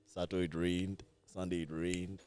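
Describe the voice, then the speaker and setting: Deep-voiced laid-back podcast host. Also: male voice, flat delivery, normal speed, darkish tone, a little hiss or hum. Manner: laid-back, laughs often, says "bro". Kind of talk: casual chat.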